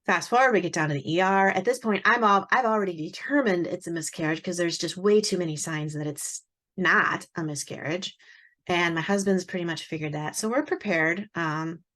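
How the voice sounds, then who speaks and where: A woman in her forties, an author, telling a personal story in a lively way and acting out the dialogue. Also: lowish voice, moderate pace. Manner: animated, acts out quoted dialogue.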